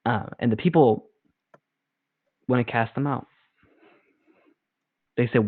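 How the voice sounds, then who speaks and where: A man's voice: mid-range voice, slow, pauses often, husky, dry recording. A young man co-hosting a casual chat show, talking at length with enthusiasm and acting out scenes he describes. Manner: rambling, enthusiastic, acts out movie scenes. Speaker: podcast co-host. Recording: dry, phone-like lo-fi sound.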